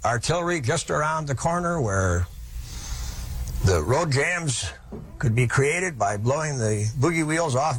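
A man's voice: medium pitch, a bit bright, slight background noise. A man telling a historical story in a folksy, vivid lecturing manner, with asides to his listeners.

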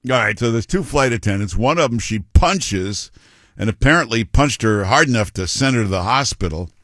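A man's voice: medium pitch, lively intonation, normal speed, bright, forceful tone, dry recording, studio quality. A male talk radio host giving blunt, mocking commentary with many fillers and restarts.

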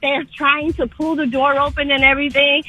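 A woman's voice: high voice, little pitch movement, moderate pace, pushed and bright, poor audio. A woman calling in to a radio show, telling a dramatic true story in an earnest way. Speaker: caller.

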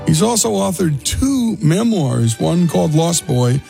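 A man's voice: fairly high pitch, big pitch swings, a little slow, vocal fry, warm tone, faint music behind. A male radio host reading a scripted introduction of a guest.

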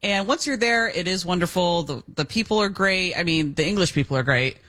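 A woman from the United States chatting casually as co-host of a talk show, animated and quick to laugh. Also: on the low side.

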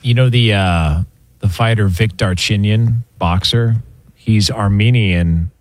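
A man's voice: fairly low pitch, no echo. Man hosting sports radio, dry studio. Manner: brisk, steers the segment.

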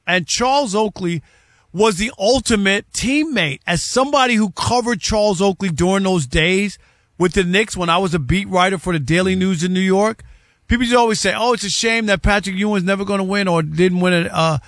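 A middle-aged man with a fairly high voice co-hosts a casual sports talk show. He talks with emphatic repetition, and the recording is dry and close with no room sound. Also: a little fast, a bit bright, no room sound. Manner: emphatic, repeats himself. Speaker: co-host, former beat writer.

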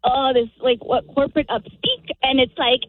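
A woman calling in to a radio show, chatty and animated, rambling a little. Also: sits high, moderate pace, dry recording, narrow, tinny audio. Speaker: caller. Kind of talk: casual call-in chat.

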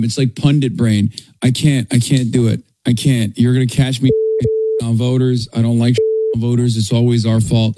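A man's voice: mid-range voice, normal speed, dark tone, dry recording. A man ranting in an exasperated, sarcastic, profane commentary clip.

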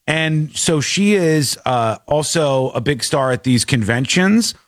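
A man's voice: on the high side, takes it slowly, no room sound, clean studio sound. Chatty rambling male show host. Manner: rambling, frequent restarts, animated. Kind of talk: casual commentary chat.

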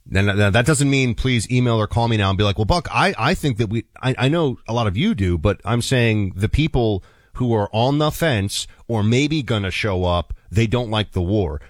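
Animated male radio host. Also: lowish voice, normal speed, hardly any pauses, dry recording, studio quality. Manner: animated, emphatic, playful. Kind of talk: casual political radio chat and live-read ad.

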